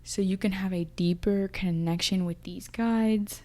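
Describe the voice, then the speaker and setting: A young woman reads tarot cards in a loose, chatty way, thinking aloud as the messages come to her. Her voice is mellow and soft-edged, sitting at a medium pitch. She sounds emotional and intuitive, often stopping to restart a thought. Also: steady tone, a little slow. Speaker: tarot reader. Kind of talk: casual tarot reading.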